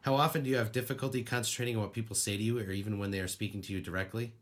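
A man's voice: on the low side, steady tone, very fast. A man co-hosting a podcast in casual chat, rambling through stories, laughing and swearing as he goes. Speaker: podcast co-host.

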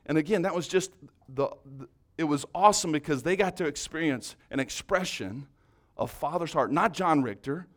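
Earnest higher-voiced man teaching a church group. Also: expressive, moderate pace. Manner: earnest, encouraging, swings between loud and soft. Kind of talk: conversational teaching talk.

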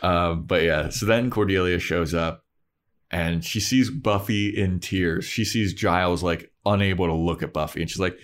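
Low-voiced man retelling a scene. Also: normal speed. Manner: storytelling, retells scenes with acted quotes. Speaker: podcast co-host. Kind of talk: casual chat recapping a TV episode.

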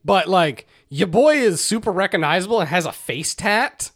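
A man on a casual podcast retells a video game's story, slipping in quick put-on quotes between sarcastic, profanity-laced asides. His voice sits slightly high for a man. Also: expressive, a bit bright. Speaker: podcast co-host. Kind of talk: casual chat recapping a game plot.

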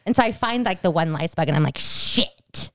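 Lady in her 40s on a podcast, super smooth clear voice, dry close mic, telling a story and doing everybody's lines. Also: lowish voice, very fast, no echo. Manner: animated storytelling, acting out family dialogue. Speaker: podcast co-host. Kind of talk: casual chat.

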